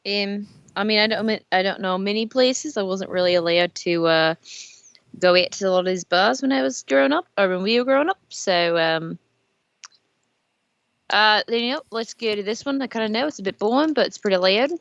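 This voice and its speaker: A woman's voice: mid-range voice, brisk, creaky, no room sound, muffled recording. A woman playing in a tabletop game, talking casually in a hesitant way with many fillers. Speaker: player. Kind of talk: casual in-character chat.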